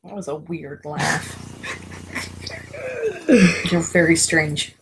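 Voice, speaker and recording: A woman's voice: sits low, very slow, gravelly, a little hiss or hum. A middle-aged woman co-hosting a casual chat about reality TV, telling stories with lots of laughter. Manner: giggly, animated storytelling. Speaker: co-host.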